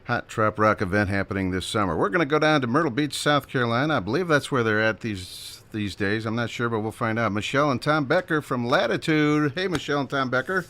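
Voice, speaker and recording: A man's voice: mid-range voice, fast talker, few pauses, fairly bright tone. A man hosting a radio show in a chatty, upbeat, rambling way, a little out of breath.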